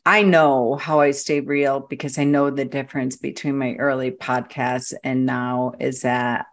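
Low-voiced woman, podcast guest, lively chatty storyteller. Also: a little slow. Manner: animated storyteller, frequent restarts. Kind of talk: casual interview chat.

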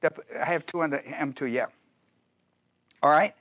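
A man's voice: a little high, measured pace, fairly bright tone, no echo, studio quality. A man teaching a Bible study as pastor, talking in an emphatic, repetitive way and checking often that his listeners follow.

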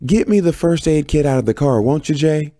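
A man voicing a fierce, bossy woman who scolds loudly in a raised, high voice. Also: brisk, dry recording, studio quality, natural voice. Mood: scolding.

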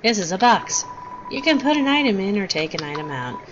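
A woman casually commenting on a video game while reading its text aloud, chatty and quick to apologize, with game music behind. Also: mid-range voice, very animated, lo-fi sound, background noise. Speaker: gamer. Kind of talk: casual let's-play commentary.

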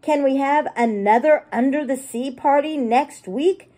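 A woman voicing Peppa Pig, a cheerful little girl pig, in a high, excited, squealing voice while reading a storybook aloud. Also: unhurried. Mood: delighted.

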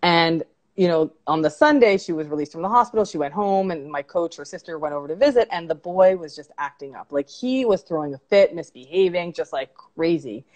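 Woman life coach, interview guest, earnest storyteller, lower pitch. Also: lively intonation, fairly quick, darkish tone. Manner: earnest, storytelling, self-reflective. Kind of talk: conversational interview.

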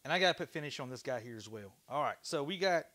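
A man hosting a casual livestream from his workshop, chatty and excitable, swearing casually as he talks to viewers. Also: mid-range voice, fast. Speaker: livestream host. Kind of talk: casual livestream chat while woodturning.

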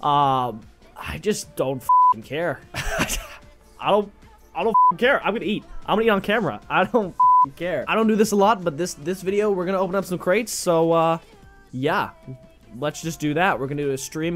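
A man's voice: a little high, wildly swooping pitch, normal speed, loud music behind the voice. A man impersonating a careless male gaming YouTuber who swears and mumbles.

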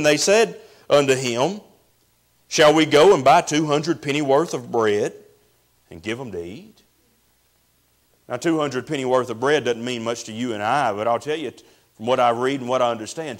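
Earnest preacher, man. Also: fairly high pitch. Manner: earnest preaching, drawn-out emphasis, addresses listeners as friend. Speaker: pastor. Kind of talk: sermon.

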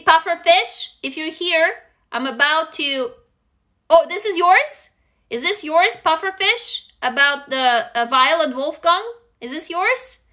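A woman hosting a casual livestream, reading viewer stories aloud and reacting in an effusive, excitable way, swearing when impressed. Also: high-pitched.

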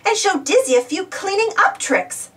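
A woman reads as a brisk storybook builder woman who leads the team firmly. Her voice is high and lively, caught a little away from the mic. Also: distant mic, heavily acted. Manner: brisk, firm. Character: capable bossy female builder, team leader.

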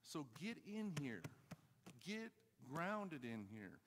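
Preacher in a reverberant church hall. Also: male voice, a little high, very animated, slow. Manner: storytelling preacher, swings from loud exhortation to quiet asides. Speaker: pastor. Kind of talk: sermon.

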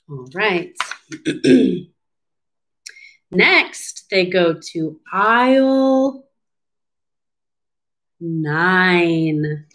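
A woman's lower, slightly bright voice reads a picture book to children. She's a speech therapist, and she paces the story slowly while asking the young listeners encouraging questions.

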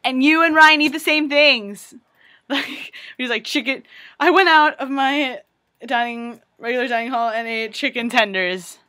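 A young woman chatting casually in a vlog, excitable and full of "like". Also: high voice, normal speed. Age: young adult. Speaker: vlogger.

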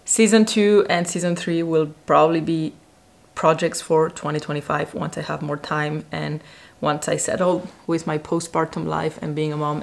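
A woman's voice: deep voice, vocal fry. A young woman chatting casually as a vlogger, recapping a TV show, a bit out of breath. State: pregnant, out of breath.

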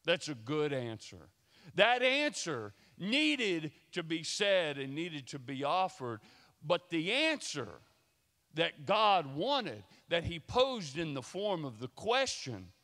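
Man, pastor, sermon, high voice, long church reverb. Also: fairly bright tone. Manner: emphatic preaching, repeated rhetorical questions to the congregation. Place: church sanctuary.

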